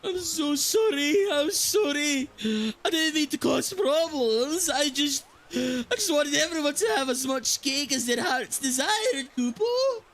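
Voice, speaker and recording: A man voicing a frightened little moogle troublemaker in a put-on Scottish accent, squeaky and pleading, ending his sentences on a cute catchword. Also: expressive, unhurried, a bit bright, exaggerated voice. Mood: apologetic.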